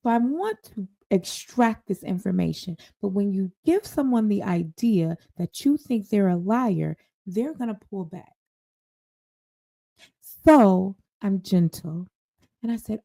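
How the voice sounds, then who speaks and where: A woman's voice: mid-range voice, unhurried, dark tone. A woman hosting a talk show, telling a story in a sassy, confident, emphatic way. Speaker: podcast host. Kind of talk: storytelling monologue.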